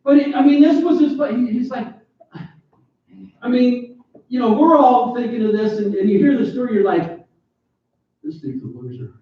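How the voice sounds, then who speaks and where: A man in his forties preaches in an animated, joking way, breaking into sudden loud bursts. His voice sits very high. He sounds far from the mic, dull and thin, in a church hall with heavy echo. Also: normal speed, pauses often. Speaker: pastor. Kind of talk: sermon. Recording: echoey, distant, dull church PA recording.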